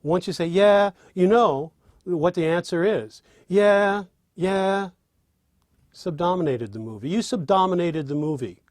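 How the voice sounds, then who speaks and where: Animated man teaching, fairly high voice. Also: moderate pace, dry recording, studio quality. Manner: demonstrates by speaking and singing lines; animated, with restarts. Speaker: songwriting teacher. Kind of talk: spoken lesson with sung examples.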